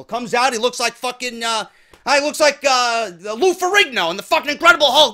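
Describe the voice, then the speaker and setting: High-pitched profane ranting man. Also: normal speed, bright, forceful tone. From New York. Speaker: wrestling show host. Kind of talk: ranting commentary.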